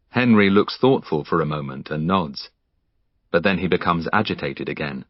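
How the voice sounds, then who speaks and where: A man's voice: low-pitched, normal speed, dry recording, muffled recording. A man narrating an audiobook, reading the dialogue with strong emotion. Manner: expressive, emotional character reading. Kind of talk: scripted narration with acted dialogue.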